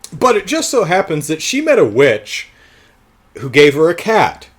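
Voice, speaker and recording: A man's voice: on the high side, huge pitch swings, slow pace, fairly bright tone. A man giving a casual, jokey TV review, retelling the plot with sarcastic asides.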